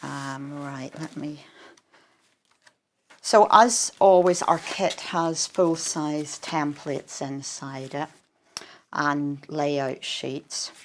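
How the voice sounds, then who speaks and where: Woman quilting expert, low voice, chatty and explanatory, shopping-channel demo. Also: steady tone, very slow. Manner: explanatory, chatty, with frequent ums. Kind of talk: craft demonstration on shopping TV.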